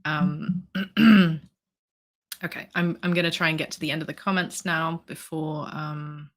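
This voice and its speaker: Low-voiced woman chatting on a livestream. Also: fairly even intonation, unhurried. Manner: hesitant, many ums and restarts, reads chat aloud. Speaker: livestream host. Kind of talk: casual livestream chat.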